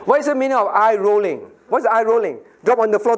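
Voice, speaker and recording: Playful high-voiced pastor teaching kids. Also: male voice, lively intonation, a little slow, pauses often, crowd noise, background noise. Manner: playful, questioning, laughs often, acts out scenes. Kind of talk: children's Bible lesson Q&A.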